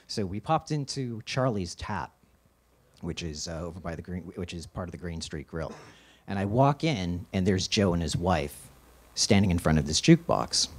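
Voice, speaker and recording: A radio DJ telling a personal story live on stage, casual and rambling with fillers. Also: male voice, sits low, very animated, normal speed.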